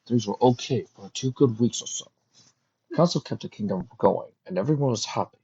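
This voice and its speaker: A woman voicing a calm, protective father pony in a storybook reading. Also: very deep voice, breathy edge, lo-fi sound, exaggerated voice. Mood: solemn. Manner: soft, soothing, measured.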